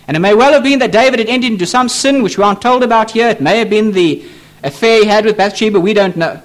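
A man's voice: sits high, quick pace. A man preaching a sermon from a church pulpit, emphatic and repetitive, pressing his points with pleading appeals. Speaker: pastor.

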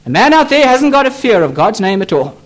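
Male pastor, very high pitch and lively intonation; emphatic, repetitive pulpit sermon. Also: a little fast. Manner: emphatic, repetitive preaching with pleading appeals. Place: church.

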